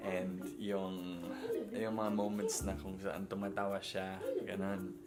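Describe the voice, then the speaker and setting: A man's voice: low-pitched, completely flat delivery, unhurried, over loud music. A man casually vlogging about his baby son, playful and switching between Filipino and English. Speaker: vlogger, father. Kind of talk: casual family vlog chat.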